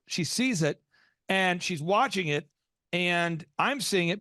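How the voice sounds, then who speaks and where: An American man hosting a podcast, telling a long story with energy and leaping into high excited voices when he acts out his reactions. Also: a little slow, no echo, studio quality. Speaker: podcast host. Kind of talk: animated storytelling in a business podcast.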